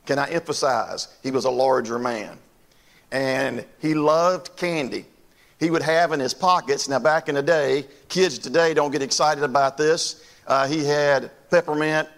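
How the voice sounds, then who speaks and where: A man's voice: on the high side, vocal fry. An older man from North Carolina, preaching a sermon in a folksy storytelling way and talking straight to his congregation. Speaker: pastor.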